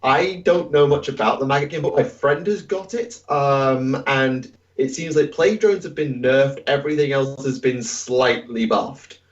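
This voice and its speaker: A man's voice: mid-range voice, moderate pace, few pauses. A man chats loosely as a podcast co-host, hedging his answers with fillers and restarts. He sits a little distant from the mic, and his voice comes through dull and muffled, like online call audio. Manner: rambling and hesitant, with many fillers. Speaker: podcast co-host reading listener questions. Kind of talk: casual podcast chat.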